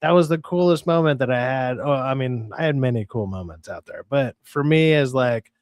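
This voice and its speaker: A man's voice: medium pitch, normal speed, clean tone, no room sound. Man, stream host, loose and profane, joking, dry close sound. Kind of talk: casual live-stream chat.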